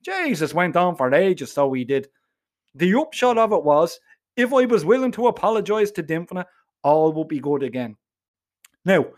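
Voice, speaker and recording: A middle-aged man narrating a comic tale, gruff and blunt with plenty of swearing. His voice sits high for a man and swings widely up and down as he tells it. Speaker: storyteller.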